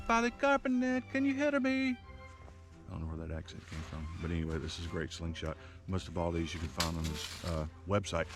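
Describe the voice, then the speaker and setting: A man chatting casually in a show-and-tell vlog, a rambling, jokey storyteller full of playful asides. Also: sits low. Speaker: slingshot reviewer. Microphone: action camera.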